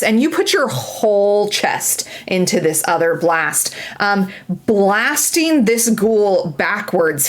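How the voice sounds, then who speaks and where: Chatty woman running a tabletop game. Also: medium pitch. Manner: chatty, playful, lots of fillers and restarts. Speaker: game master.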